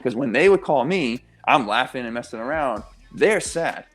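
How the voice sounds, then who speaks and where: A man's voice: medium pitch, lively intonation, moderate pace, a bit bright, breathy edge, soft background music. A young man as a guest on a radio interview show, talking with passion and emphasis and swearing freely. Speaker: guest, pro athlete and coach.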